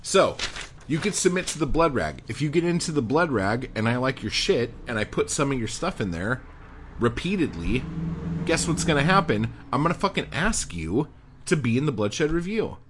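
A middle-aged man hosting a podcast, delivering an angry, profane rant that swings from low muttering to shouting. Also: sing-song, moderate pace, a little hiss or hum. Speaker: podcast host. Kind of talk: profane ranting monologue.

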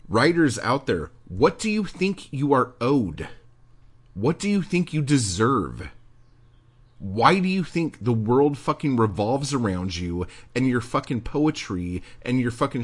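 A middle-aged man hosting a podcast, delivering an angry, profane rant that swings from low muttering to shouting. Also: husky. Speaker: podcast host. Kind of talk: profane ranting monologue.

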